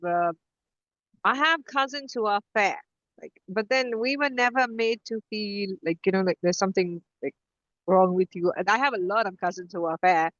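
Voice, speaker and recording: A middle-aged woman co-hosting a podcast, telling stories in a casual, animated way with many restarts. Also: mid-range voice, moderate pace, no room sound, muffled recording. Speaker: podcast co-host. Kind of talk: casual conversation.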